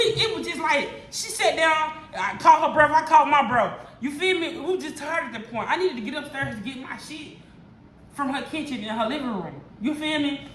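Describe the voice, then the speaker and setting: A woman's voice: high voice, a bit bright, echoey room. A woman vlogger telling a personal story to camera in an emphatic, profane, slangy way. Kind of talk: storytime monologue.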